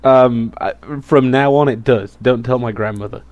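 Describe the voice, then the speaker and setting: A man's voice: mid-range voice, normal speed, a little mellow, no room sound. A man co-hosts a casual podcast in a mid-range voice. He answers in a dry, joking way. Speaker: podcast co-host.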